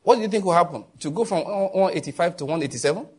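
A man's voice: quick pace, breathy edge. A man with a Nigerian accent preaching a sermon as a pastor, telling stories and acting out the people in them. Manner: animated storytelling, voicing others in a raised pitch.

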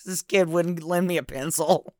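A woman's voice: on the low side, fairly even intonation, normal speed, dark tone, dry recording, clean studio sound. A woman co-hosting a podcast, teasing her co-hosts in casual chat about a movie. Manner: teasing, wry. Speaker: podcast co-host.

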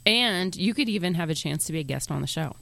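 A man's voice: fairly high pitch, expressive, fast talker, vocal fry, bright, forceful tone, dry recording. A man hosting a podcast, chatting casually and plugging the show between jokes. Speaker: podcast host.

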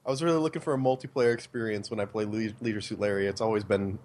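A man co-hosting a gaming podcast, sarcastic and quick to laugh. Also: fairly low pitch, fairly even intonation, a little mellow. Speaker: podcast co-host. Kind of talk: casual gaming podcast banter.

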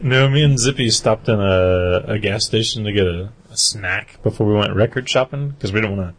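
Husky man telling a rambling story. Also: on the low side, moderate pace. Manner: rambling storyteller, laughs often, acts out quotes. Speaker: podcast co-host. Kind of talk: casual chat.

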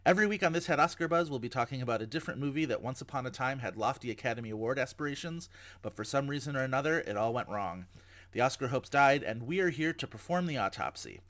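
A man's voice: mid-range voice, expressive, fast, a bit bright. A man hosting a podcast in casual chat, with a wry, joking delivery. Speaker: podcast host.

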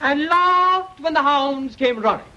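A bumbling mock-posh young fellow. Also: male voice, extremely high pitch, lively intonation, measured pace, pushed and bright, slight background noise, heavily acted. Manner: sing-song, mock-posh delivery. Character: bumbling young man practicing pompous elocution. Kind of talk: 1930s film comedy acting. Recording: dull old film soundtrack.

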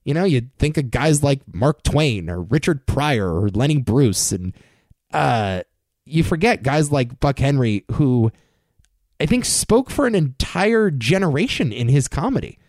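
A man's voice: mid-range voice, sing-song, a little slow, darkish tone, no room sound. A man hosting a casual entertainment news rundown, giving wry, sarcastic takes on shows and awards. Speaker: podcast host.

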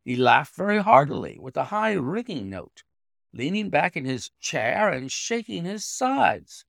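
A man reading a classic story aloud in expressive, dramatic narration. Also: a little high, a little slow, creaky, no echo, studio quality. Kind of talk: scripted audiobook narration.

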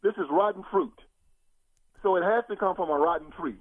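An older man talking politics as a guest, preacherly and emphatic, his pitch rising in big sweeps as he presses each point. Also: a little fast, no echo. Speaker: guest commentator. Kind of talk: political talk show conversation. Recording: tinny phone line.

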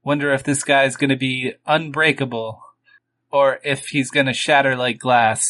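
A man's voice: medium pitch, steady tone, normal speed, fairly bright tone. A man playing a tabletop game, cracking puns and teasing the others in casual chat. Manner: punning, teasing. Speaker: player.

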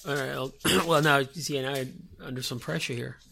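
A man's voice: medium pitch, fairly even intonation, a little fast, vocal fry, sharp tone. A man co-hosting a casual film chat, joking and stammering at the starts of sentences.

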